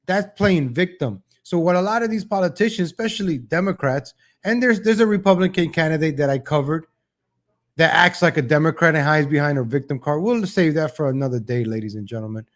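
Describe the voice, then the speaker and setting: A man hosts a political commentary livestream in a somewhat higher voice. He rambles and makes sarcastic asides, restarting his sentences often. He keeps addressing his viewers as "ladies and gentlemen.". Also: brisk. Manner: mocking mimicry of politicians in a higher voice. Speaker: host of a political commentary show.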